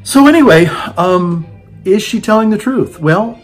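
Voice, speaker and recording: A man's voice: high voice, expressive, measured pace, faint music behind. A man giving a rambling, sarcastic opinion monologue on his own channel, full of "you know" fillers. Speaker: video blogger.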